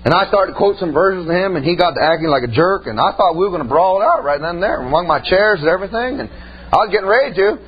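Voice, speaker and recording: A high-pitched man preaching an emphatic, folksy sermon, breaking up his points with frequent amens. He mixes stories from his ministry into the message. The sound is dull and lo-fi, with a faint hum underneath. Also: lively intonation, fast. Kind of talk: sermon with personal storytelling.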